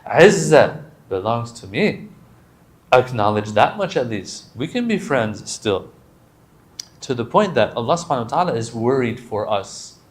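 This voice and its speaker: A man giving a casual, animated sermon to a gathering, joking at times and reciting Arabic supplications quickly before explaining them. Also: mid-range voice. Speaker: religious lecturer.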